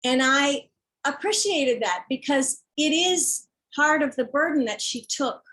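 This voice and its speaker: A woman's voice: high-pitched, lively intonation, a little slow, a bit bright, poor audio. A woman author talking frankly and emphatically about her children's book, acting out other people's words and sometimes swearing. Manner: swears when heated. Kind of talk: candid conversation.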